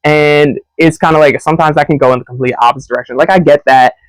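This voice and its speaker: A man's voice: on the high side, quick pace, dry recording, poor audio. A young man co-hosting a podcast, telling a story in casual chat and acting out the voices of the people in it. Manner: animated storyteller who acts out quoted voices. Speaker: podcast co-host.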